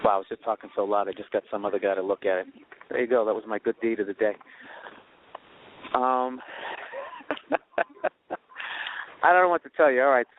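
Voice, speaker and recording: A man's voice: lowish voice, brisk, pauses often, narrow, tinny audio, noisy background. A man hosting a podcast, telling a story in a profane, sarcastic rant from outdoors on a city street. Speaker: podcast host. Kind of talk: casual comedic monologue.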